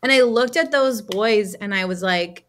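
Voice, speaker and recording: Speaking at normal speed in a medium-pitched voice, a woman who works as a healing coach shares a personal story as a podcast guest. She's lively, voices other people's lines, and fills her talk with casual fillers.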